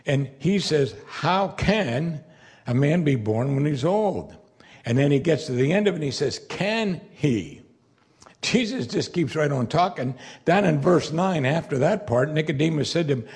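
A man preaching an expository sermon in a conversational way, now and then acting out the words of the people in the story. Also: mid-range voice. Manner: animated, conversational, playfully acts out quoted lines.

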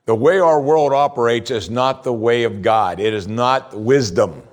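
A man preaching a sermon as pastor, asking the congregation rhetorical questions, his voice rising for emphasis and slowing down on key points. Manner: rises in pitch for emphasis, slows for key points.

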